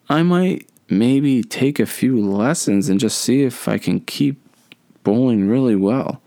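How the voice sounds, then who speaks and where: A man's voice: mid-range voice, expressive, a little slow, vocal fry, mellow, dry recording. Easygoing podcast host man, dry sound. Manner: rambling and easygoing, with many fillers. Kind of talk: casual solo podcast chat.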